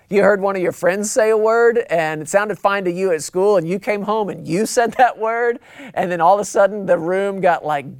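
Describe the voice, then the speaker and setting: An emphatic pastor delivers a sermon, reading scripture and then preaching on it, with a voice that sits in a middle register. The delivery often slows to a crawl to drive a phrase home. The sound is close and dry, with almost no room echo. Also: medium pitch, a little mellow, clear, resonant tone. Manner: calls out to the congregation. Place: church.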